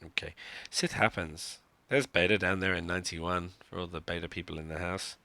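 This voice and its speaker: A man's voice: low-pitched, steady tone, moderate pace, bright, forceful tone. A man giving live commentary on a mobile game he is playing, talking to himself in a wry, joking, self-mocking way. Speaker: gaming streamer.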